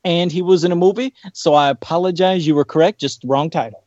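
A man with a fairly high voice co-hosting a podcast, upbeat and easily amused in casual chat. The sound is dry and close, with a dull, lo-fi tone. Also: fast, darkish tone, no room sound. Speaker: podcast co-host.

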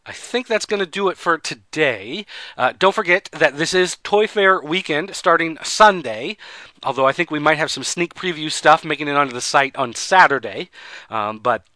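Bright, dry-voiced male podcast host. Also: a little high, moderate pace, no room sound. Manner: rambling, relaxed and conversational. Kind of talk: casual chat recapping wrestling.

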